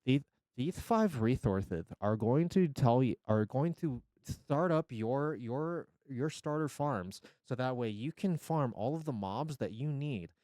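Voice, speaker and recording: A man voicing a typical gamer narrating a Minecraft tutorial in a soft, hushed, rambling way. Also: fairly low pitch, expressive, slow, vocal fry, pitched below the performer's own voice, heavily acted. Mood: earnest.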